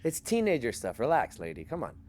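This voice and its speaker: A man's voice: mid-range voice, huge pitch swings, brisk, darkish tone, faint music behind. A man playing a tabletop game, speaking in character in a persuasive, casual way. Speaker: player.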